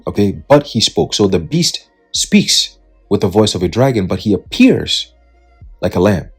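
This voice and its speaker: Low, husky man, emphatic Bible commentary, keeps checking in with listeners. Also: big pitch swings, normal speed, soft background music. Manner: emphatic, repetitive, checks in with "right?" and "okay?". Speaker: online commentator.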